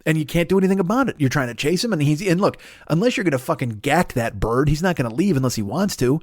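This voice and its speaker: A middle-aged man doing a rambling, profane comedy monologue as a podcast host, full of restarts and animated rants. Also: fairly high pitch, fast talker, no room sound, clean studio sound.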